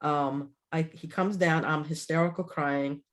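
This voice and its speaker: A woman in her sixties, co-hosting a casual chat and telling a family story in an animated way, laughing often and restarting her sentences. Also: deep voice, measured pace. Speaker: co-host.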